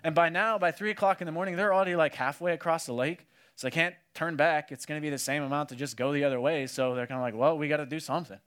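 A man preaching a casual sermon, telling the story with animated energy and acting out what people said. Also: fairly high pitch, fast, smooth. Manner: animated storytelling, acts out quotes, many "like"s. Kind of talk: casual sermon to a youth audience.

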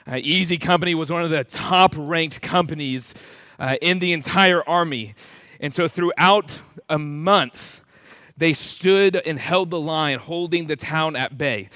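A man with a fairly high voice tells a story in an earnest, halting way, full of filler sounds. The recording is close and dry, with no room sound. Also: bright, forceful tone, no echo. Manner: earnest, hesitant, frequent "uh" fillers. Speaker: speaker. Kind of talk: storytelling illustration.

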